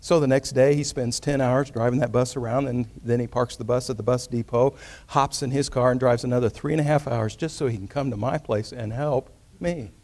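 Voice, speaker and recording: A man preaching a sermon, telling a story and swinging between loud emphatic rises and quiet hushed moments. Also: medium pitch, fairly even intonation, a little fast. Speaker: pastor.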